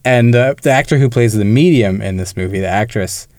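A man's voice: medium pitch, fairly quick, a little mellow, dry recording, clean studio sound. A man co-hosting a film podcast, explaining things in a casual, conversational way. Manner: conversational, explanatory, occasional laughs. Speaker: podcast co-host. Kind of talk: casual film review chat.

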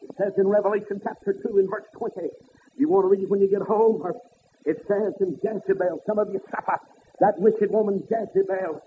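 High-voiced man preaching, tinny old tape. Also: fairly even intonation, a little fast, a little hiss or hum. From American South. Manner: preachy, swings to high shouted peaks. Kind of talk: fiery sermon.

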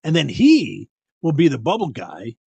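An older man telling stories in a casual podcast interview, animated and acting out voices, with many restarts. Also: on the high side, moderate pace, vocal fry. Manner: frequent restarts and stammers. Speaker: guest, bubble performer. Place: podcast room.

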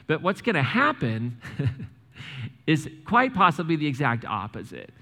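Animated pastor in a reverberant hall. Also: male voice, on the high side, a little slow. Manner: animated, repeats and restarts words, talks directly to the congregation. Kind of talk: sermon with church announcements. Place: church sanctuary.

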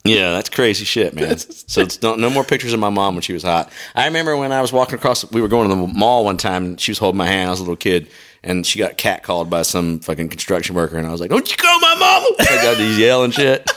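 A man's voice: deep voice, fast, a bit bright. A middle-aged man co-hosting a podcast, swearing freely and telling funny stories while laughing a lot. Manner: profane, storytelling, laughs often. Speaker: podcast co-host. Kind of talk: casual comedic chat over beer tasting.

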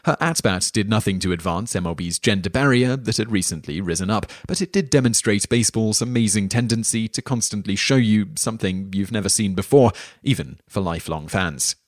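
A man hosting a podcast, reading a scripted history story in a steady storytelling manner. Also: on the low side, fairly quick, no echo, studio quality. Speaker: podcast host.

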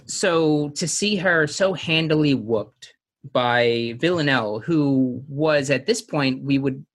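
A man's voice: a little high, takes it slowly. A man co-hosting a casual podcast chat, rambling through his thoughts, laughing often and acting out quotes. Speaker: podcast co-host. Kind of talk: casual chat recapping a TV episode.

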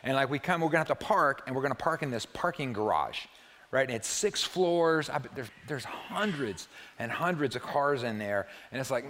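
A man preaching a sermon in a church, talking to the congregation in a relaxed, joking way and often checking in with them with "right?". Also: mid-range voice, moderate pace. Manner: conversational and humorous, often asks the listeners "right?". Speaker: pastor.

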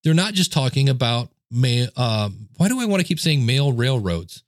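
A chatty male podcast host walks through audio tips in a relaxed, self-deprecating way. His voice sits at a middle pitch and is close-miked on a studio microphone. The sound is dry and free of room echo. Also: normal speed. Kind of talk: casual how-to talk. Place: home desk setup. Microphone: dynamic studio mic, close.

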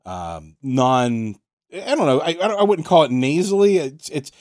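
An American man hosting a casual interview, thoughtful and halting, often restarting his sentences. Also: a little high, sing-song, a little mellow, dry recording, clean studio sound. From United States. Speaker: podcast host.

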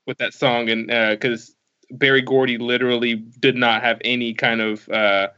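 A man co-hosting a podcast, chatting casually and tripping over his words as he rambles on. His voice sits at an ordinary middle pitch. The audio comes through slightly muffled. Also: little pitch movement, normal speed, sharp tone, smooth. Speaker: podcast co-host.

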